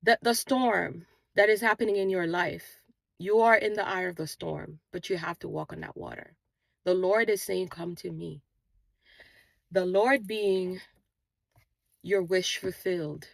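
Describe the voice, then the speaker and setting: A woman's voice: fairly low pitch, measured pace, creaky, no echo. A woman host giving an earnest spiritual motivational talk, with an accent she mentions herself and a repetitive, preaching rhythm, recorded outdoors on a walk. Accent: non-native English accent, origin unstated. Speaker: manifestation channel host.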